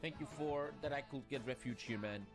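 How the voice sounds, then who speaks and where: A man's voice: mid-range voice, a little fast, music in the background, natural voice. A man playing a grateful male refugee in a joke, effusively repeating his thanks. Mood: overjoyed.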